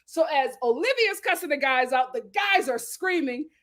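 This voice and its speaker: High-voiced woman gossiping a dramatic recap. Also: normal speed. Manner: dramatic, animated storytelling with frequent laughter; playful slang and sass. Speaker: YouTube show host. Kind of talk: gossipy reality-show recap.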